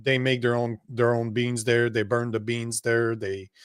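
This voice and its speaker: A man's voice: medium pitch, flat delivery, measured pace, clean tone, no room sound, studio quality. A man from the Montreal area co-hosting a live political talk show, joking and swearing in casual banter. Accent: Montreal English. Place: home studio near Montreal.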